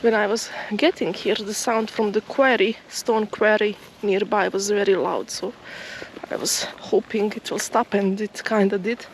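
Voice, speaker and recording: A woman vlogging outdoors in a field, musing softly and hesitantly as she walks. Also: mid-range voice, steady tone, moderate pace, a little hiss or hum. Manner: soft, musing, slightly hesitant. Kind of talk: casual outdoor vlog narration. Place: outdoors in a field near a forest.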